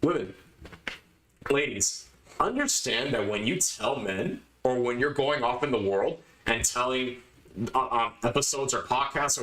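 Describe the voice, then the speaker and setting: A podcast host delivers an opinionated monologue in a mid-range voice that sounds pushed and bright. He lectures his listeners emphatically, repeating his points to hammer them home, and the rough recording has a roomy sound.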